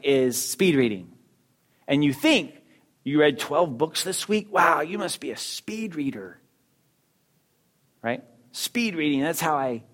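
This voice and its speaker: A middle-aged man teaching in a casual, conversational way, talking about reading books and speaking straight to his listeners with quick asides and rhetorical questions. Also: medium pitch. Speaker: teacher discussing a book on reading.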